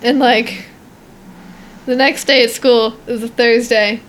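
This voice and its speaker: A woman's voice: on the high side, steady tone, unhurried. A teenage girl co-hosting a podcast, chatting casually, rambling with lots of fillers and giggles. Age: teens. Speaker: podcast co-host. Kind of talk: casual chat.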